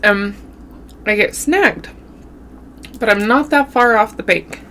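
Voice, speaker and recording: A woman vlogger casually telling a spooky story while eating, with a runny nose and an animated, drawn-out way of talking. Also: fairly high pitch, a little hiss or hum. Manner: animated storytelling with southern-style "y'all". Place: home, eating on camera.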